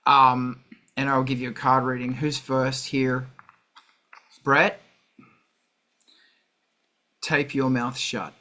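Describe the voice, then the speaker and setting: A man's voice: medium pitch, flat delivery, slow pace, long pauses, pushed and bright. A middle-aged man hosting a music livestream, talking casually and ranting with heavy swearing.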